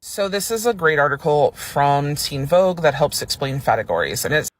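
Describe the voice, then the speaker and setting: A man's voice: fairly high pitch, lively intonation, moderate pace, no echo. A man in a casual explainer video, reading quotes aloud and talking chattily with lots of "like". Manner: chatty, reads quotes aloud, many fillers like "like". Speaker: video creator explaining terms.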